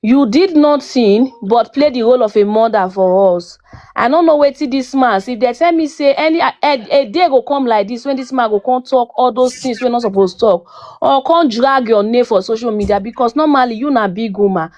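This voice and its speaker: Nigerian woman begging on a live stream, slightly high voice, keeps saying abeg no vex. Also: moderate pace, a little mellow, dry recording. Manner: pleading, repeats "abeg, no vex". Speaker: guest apologizing on a live stream. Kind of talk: casual Nigerian Pidgin pleading.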